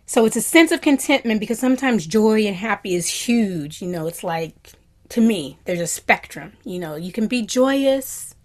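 A female meditation teacher of medium pitch and normal speed gives a reflective, gentle dharma talk. She frequently lowers her voice to a soft whisper and bursts with animated delight at times.

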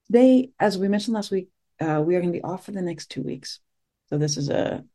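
A middle-aged meditation teacher giving a soft-spoken, reflective talk after a group sit, pausing often and searching for words. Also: medium pitch. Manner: soft-spoken, gentle, searching, with many pauses and fillers.

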